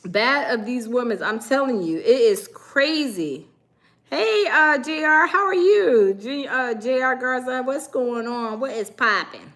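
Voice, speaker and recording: High, bright-voiced sassy woman host. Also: unhurried. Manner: animated, sassy, talks to chat and reads comments. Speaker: livestream host. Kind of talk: casual commentary livestream.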